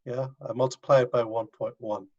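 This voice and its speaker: A man's voice: mid-range voice, flat delivery, a little fast, darkish tone. A male university professor teaching an online class, coaxing students step by step over a video call. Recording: dull lo-fi video call audio.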